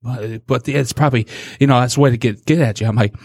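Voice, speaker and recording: Animated man telling a spooky story. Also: mid-range voice, dry recording. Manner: animated storyteller acting out quotes in menacing slow voices. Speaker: podcast guest. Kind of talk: casual storytelling.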